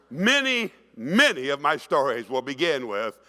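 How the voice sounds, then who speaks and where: A man's voice: medium pitch, takes it slowly. A man in his sixties giving an emphatic keynote speech, telling stories to an audience in a conference hall. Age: 60s. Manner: animated, emphatic storytelling, acts out quoted voices. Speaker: keynote speaker. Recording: long reverb of a large hall.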